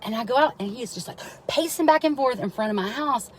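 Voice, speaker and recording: Her voice is fairly high, animated, and fast, captured on a rough recording with slight background noise. This mother streams a long, wandering personal tale full of swearing, often pausing to ask her audience "right?"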